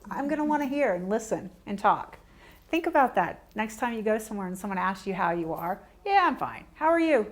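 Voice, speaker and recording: A woman at a middle pitch gives a conversational training talk to a small group. She speaks animatedly, acting out everyday exchanges in quoted voices and putting direct questions to the audience. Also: fairly quick. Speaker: workshop presenter.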